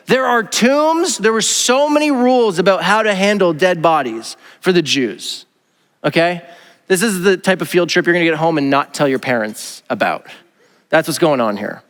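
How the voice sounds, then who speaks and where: High-voiced pastor preaching animatedly. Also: male voice, normal speed, big-room sound. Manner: animated, casual, acts out quoted voices. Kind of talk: sermon. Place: church auditorium.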